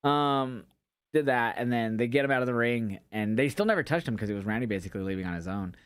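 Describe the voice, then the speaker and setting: A man chatting casually as a podcast co-host, telling wrestling stories with lots of energy and frequent swearing. He slips into quoted voices as he goes. His voice sits at an ordinary middle pitch, recorded dry and close. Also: fast, smooth, no echo. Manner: animated storytelling, swears often, acts out quotes. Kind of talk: casual chat recapping wrestling shows.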